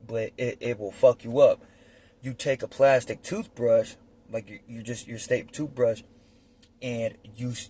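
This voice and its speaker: Recorded on a phone with a little hiss or hum, a man with a mellow mid-range voice tells stories about prison life. His casual monologue is blunt, profane and rambling, full of fillers.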